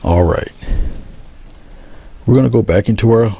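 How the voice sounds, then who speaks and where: A man teaching a painting demonstration, talking relaxed as he paints, repeating short coaching phrases and often trailing off into a murmur. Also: fairly low pitch, normal speed, gravelly, slight background noise. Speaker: art instructor.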